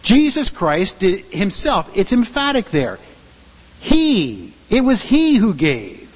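A male pastor preaches an emphatic sermon, hurling rhetorical questions at his congregation in a slow delivery. His husky voice sits high and swoops through huge pitch swings, while long reverb trails every phrase around the sanctuary.

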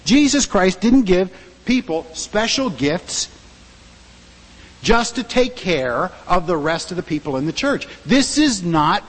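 A male pastor delivers an emphatic sermon, firing rhetorical questions at his congregation. His voice runs high and swoops through a wide range of pitch, with a husky grain. Long reverb trails each phrase through the sanctuary. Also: a bit bright.

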